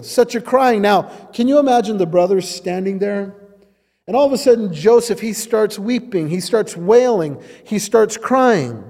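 A man's voice: high voice, darkish tone, long reverb tail. A male pastor preaching a sermon, teaching and putting questions to his listeners.

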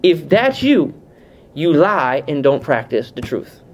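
A man teaching a Bible class in an animated, conversational way, often putting questions to his listeners. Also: fairly high pitch, slow pace, noisy background. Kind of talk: teaching sermon. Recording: muffled lo-fi sound.

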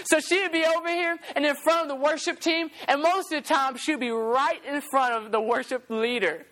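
A young man preaching a sermon, passionate and animated, telling stories and acting out the voices of the people in them. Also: very high voice, fairly quick, hardly any pauses. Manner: passionate, animated storytelling with acted-out quotes.

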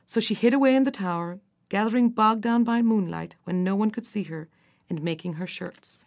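Expressive woman reading a fairy tale. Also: mid-range voice, normal speed. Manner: expressive, rises and falls with the drama. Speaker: storybook narrator. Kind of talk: scripted narration of a fairy tale.

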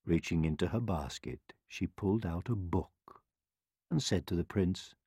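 A man reading a rhyming bedtime story aloud in a sing-song, expressive way. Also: low voice, unhurried, husky, no room sound, studio quality. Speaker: narrator.

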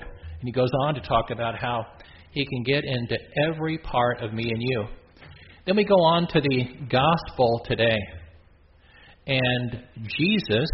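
Chatty middle-aged priest preaching. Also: male voice, mid-range voice. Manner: chatty, self-interrupting, with joking asides. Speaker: Catholic priest. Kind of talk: conversational sermon. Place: church. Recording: muffled lo-fi with faint hiss.

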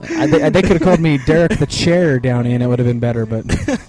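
Laid-back guy on a podcast, modest and dry, dark mellow voice, faint music. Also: a little high, expressive, quick pace. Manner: easygoing, modest, dry humor. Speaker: guest, fighter. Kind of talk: casual interview.

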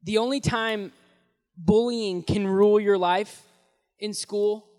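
A young man preaching as a youth pastor, telling the story in an animated, casual way with slang, swinging between loud and hushed, in a large hall. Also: sits high, takes it slowly. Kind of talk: sermon. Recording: long echoey hall reverb.

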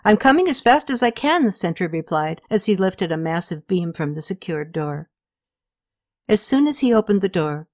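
A woman with a lowish voice reads a novel aloud as an audiobook. Her narration is steady and measured. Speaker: audiobook reader. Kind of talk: scripted narration.

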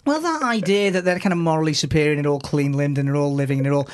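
A man's voice: a little high, rapid-fire. A man who is a regular contributor to a radio show, giving a sardonic comic segment and reciting a poem in a wry, rambling way.

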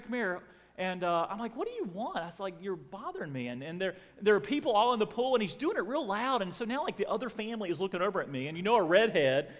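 A middle-aged pastor preaches from the pulpit, telling a personal story with animated energy. His voice sits a little high for a man. The sound carries a long reverb from the church hall. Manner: animated storytelling, acts out family members in raised voice. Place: church sanctuary.

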